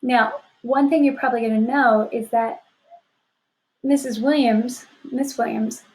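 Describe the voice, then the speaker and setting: A woman's voice: on the high side, steady tone, a little slow, a little mellow, rough recording. A woman teaching a fourth grade class in a recorded lesson, upbeat and encouraging, often checking in with "right?". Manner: upbeat, encouraging, asks rhetorical questions. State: sleepy, yawning. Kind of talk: remote class lesson to children.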